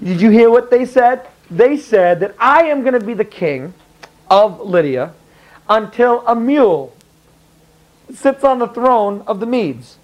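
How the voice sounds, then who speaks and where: A man playing a shrill, gloating ancient king. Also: lively intonation, measured pace, highs cut off. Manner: gloating, indignant.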